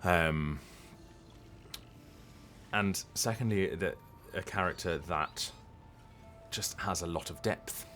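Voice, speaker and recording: A voice actor chatting casually on a live stream, rambling and hesitant with lots of ums and restarts. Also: male voice, low-pitched, slow pace, long pauses, a bit bright, soft background music.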